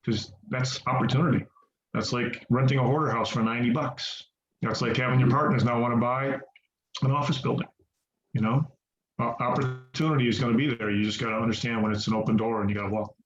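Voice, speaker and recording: A man's voice: mid-range voice, fairly quick. A man leading a real estate investing training on a group call. He talks in a folksy, chatty way, repeats words for emphasis and calls his listeners guys. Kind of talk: conversational teaching on a group call. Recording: roomy, muffled call audio with faint hiss.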